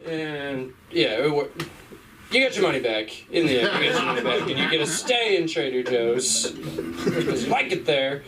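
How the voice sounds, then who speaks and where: A man's voice: a little high, lively intonation, normal speed, heavy background noise. A young man doing a stand-up comedy set, rambling and giggling through his bits, with an audience laughing. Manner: rambling, giggly, trailing off with fillers. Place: comedy club stage. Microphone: stage microphone. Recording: live club recording from a distance.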